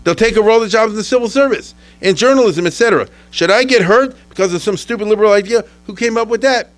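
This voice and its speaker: A man giving a casual history lecture to a class, full of restarts, who acts out the people he quotes with sudden jumps in pitch. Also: fast.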